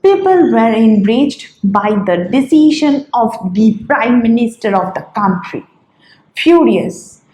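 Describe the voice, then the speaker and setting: A woman hosting an English vocabulary lesson, listing words one by one in a slow, deliberate way. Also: fairly high pitch, lively intonation, dark tone, roomy sound, low-quality recording. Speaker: English teacher, channel host.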